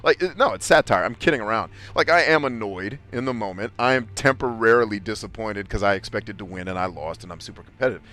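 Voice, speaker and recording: A man's voice: lowish voice, lively intonation, quick pace, hardly any pauses, sharp tone. A middle-aged man hosting a podcast, talking in a blunt, profane, emphatic way in casual chat. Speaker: podcast host.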